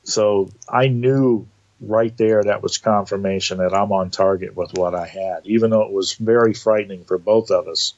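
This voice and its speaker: A man telling a personal story in a casual, animated way, acting out the quoted dialogue. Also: lowish voice, moderate pace, lo-fi sound. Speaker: guest telling of entity encounters.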